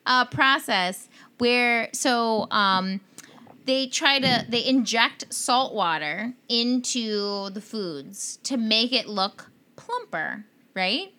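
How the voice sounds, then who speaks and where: Woman chatting on a podcast, bright higher voice, rambly with lots of ums and likes. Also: animated, slow pace. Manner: loose and rambling, lots of fillers. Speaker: podcast co-host. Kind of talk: casual chat.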